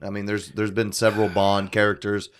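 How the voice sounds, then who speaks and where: A man's voice: lowish voice, completely flat delivery, brisk. A man hosting a casual podcast, leading the talk with frequent fillers. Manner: loud greeting, hesitant with fillers. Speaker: podcast host. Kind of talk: casual chat.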